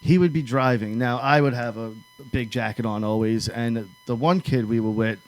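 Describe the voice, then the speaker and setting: A man's voice: medium pitch, normal speed. A man from New York telling wild stories in casual chat, cursing freely and acting out his friends' lines. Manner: profane, animated storyteller acting out friends' lines. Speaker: podcast co-host.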